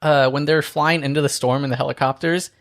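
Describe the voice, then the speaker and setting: Fast-talking gravelly young man. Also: on the high side, steady tone. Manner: rambling, self-correcting. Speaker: podcast co-host. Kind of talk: casual movie chat.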